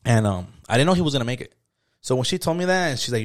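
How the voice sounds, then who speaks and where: A man's voice: mid-range voice, lively intonation, fast. A man, telling stories in a casual, profane podcast chat, acting out quotes. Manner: slangy, profane, storytelling with acted-out quotes. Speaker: podcast co-host.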